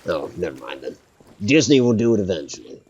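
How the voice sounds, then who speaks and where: A man's voice: sits low, sing-song, brisk, highs cut off, crowd noise. A man streaming a pirate game, chatting casually with a friend, joking, swearing freely and laughing often. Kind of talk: casual chat while gaming.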